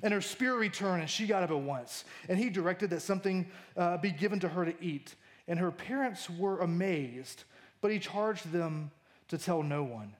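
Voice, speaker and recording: High-voiced animated male preacher. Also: normal speed. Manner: animated, jokey, acts out quoted lines. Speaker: pastor. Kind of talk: sermon.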